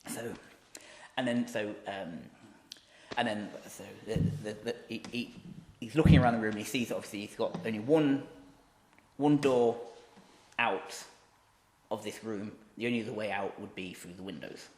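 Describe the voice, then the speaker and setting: A man's voice: lowish voice, normal speed, pauses often, a little mellow, a little hiss or hum. A man co-hosting a podcast, improvising a story with many restarts and fillers. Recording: roomy echo.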